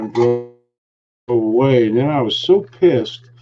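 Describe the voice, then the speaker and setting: A man's voice: medium pitch, takes it slowly, soft background music. Man, heated profane storyteller, talk show host, dull recording. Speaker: podcast host.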